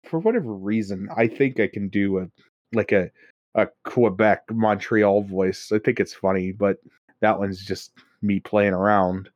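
A man's voice: lowish voice, a little slow, a little mellow, dry recording, highs cut off. A man from Pennsylvania co-hosting a casual chat, rambling and often laughing between thoughts. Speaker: podcast co-host.

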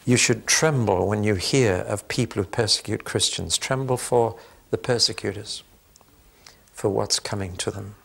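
An older man preaching a sermon, teaching through a Bible letter in a measured, emphatic way with touches of dry humor. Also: on the low side, gravelly, fairly bright tone, husky.

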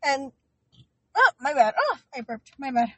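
A woman's voice: high-pitched, very animated, unhurried, pushed and bright, no room sound. A young woman co-hosting a podcast, telling a story in rambling casual chat with lots of fillers. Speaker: podcast co-host.

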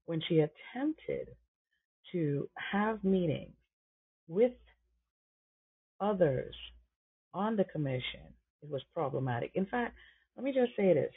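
A man's voice: fairly high pitch, husky. A man hosting a podcast, giving impassioned commentary with emphatic repetition and rhetorical questions. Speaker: podcast host. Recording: tinny phone-like line.

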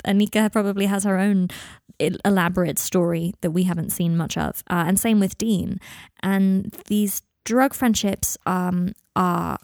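A woman's voice: medium pitch, fairly even intonation, measured pace, creaky, a little mellow, no room sound, clean studio sound. A woman hosting a podcast, talking casually and reflectively about her writing with lots of fillers and self-deprecating asides. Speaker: podcast host and fan fiction writer.

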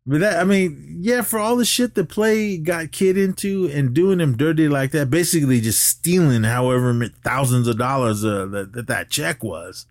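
Podcast co-host, male, easygoing and animated movie recap, laughs a lot, dry close mic. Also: normal speed, hardly any pauses, dry recording. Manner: animated retelling, jumps up in pitch when quoting characters; laughs often while talking.

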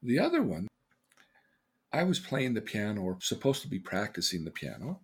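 An older man, a podcast host, earnestly telling personal stories, his voice swinging between loud and hushed. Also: lowish voice, wildly swooping pitch, normal speed, breathy edge. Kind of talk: personal storytelling.

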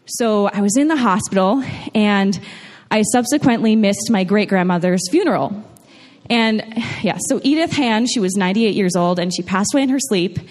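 A woman's voice: mid-range voice, animated, moderate pace, a little mellow. A young woman from New York telling a funny personal story to a live audience, chatty, with frequent laughs and restarts. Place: large room with an audience. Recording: long hall reverb.

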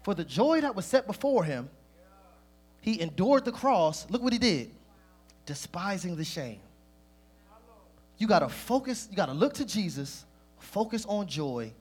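A man preaching a sermon, talking lively and directly to the congregation. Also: sits high, husky.

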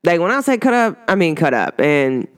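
A woman talking casually to her viewers in a vlog, animated, rambling and warmly emphatic. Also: lowish voice, normal speed, clean tone. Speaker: vlogger. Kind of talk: casual heartfelt talk to camera.

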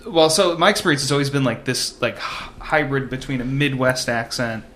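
A man's voice: medium pitch, brisk, a bit bright, slight background noise. Chatty man on a podcast. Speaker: podcast co-host. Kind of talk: casual chat.

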